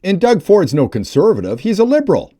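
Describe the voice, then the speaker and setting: Fiery ranting man, animated pitch. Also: a little fast, slight background noise. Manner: heated, emphatic ranting. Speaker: political commentator. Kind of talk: opinion vlog commentary.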